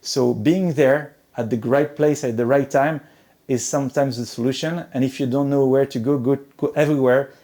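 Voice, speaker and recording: A middle-aged man speaks at a conference, telling his points in a halting way full of repeats and restarts. His voice is gravelly and dark, and his pitch sits in a middle range. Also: steady tone. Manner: hesitant, many repeated words and restarts. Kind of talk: motivational conference talk.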